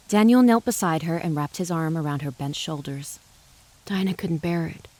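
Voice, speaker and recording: A woman giving measured, dramatic audiobook narration of a western novel. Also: fairly low pitch. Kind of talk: scripted narration.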